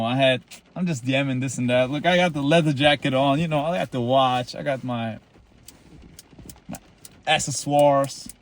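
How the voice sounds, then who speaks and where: A man in his twenties telling a story to a camera outdoors in the cold, rambling and boastful, full of likes and restarts. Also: mid-range voice. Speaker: vlogger.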